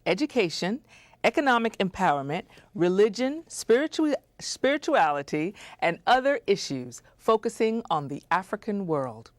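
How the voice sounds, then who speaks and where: Excited woman hosting a community TV show. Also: mid-range voice, no room sound. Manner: lively and excited, asides off script. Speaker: host. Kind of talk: reading a scripted introduction on a community TV show.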